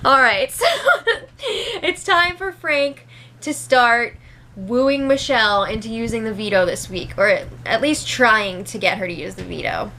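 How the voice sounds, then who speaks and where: A woman's voice: a little high, a little slow, pushed and bright, a little hiss or hum, rough recording. Chatty young woman recapping, often laughing. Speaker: show recap host. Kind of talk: casual reality show recap.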